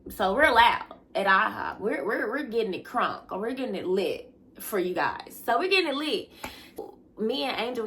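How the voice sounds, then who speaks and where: A young woman, telling a personal story in a casual vlog, animated, laughing often and acting out quotes. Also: a little hiss or hum. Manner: animated, laughing, acts out quotes with big pitch jumps.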